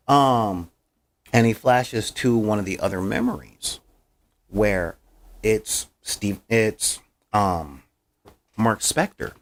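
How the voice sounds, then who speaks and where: A man hosting a podcast, recapping an episode in casual, slangy and heartfelt chat. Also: lowish voice. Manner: slangy, heartfelt, with frequent fillers. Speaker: podcast host.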